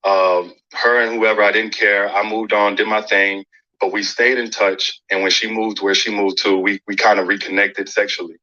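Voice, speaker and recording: A man being interviewed, candidly recounting a personal story in a calm, conversational way. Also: fairly low pitch, moderate pace, dull audio. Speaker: interview guest.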